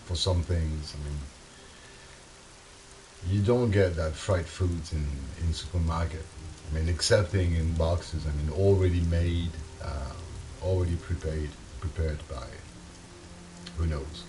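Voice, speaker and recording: A man from Europe chatting casually, halting and repeating his words in non-native phrasing, with faint rain behind him. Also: deep voice, steady tone, dark tone, a little hiss or hum. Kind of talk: casual one-sided chat.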